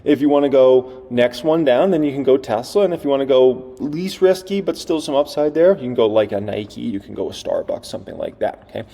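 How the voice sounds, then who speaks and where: A man's voice: medium pitch, a little fast, vocal fry, hardly any pauses, warm tone, long reverb tail. Chatty man giving stock market commentary. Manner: chatty, asks rhetorical questions. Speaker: investing YouTuber.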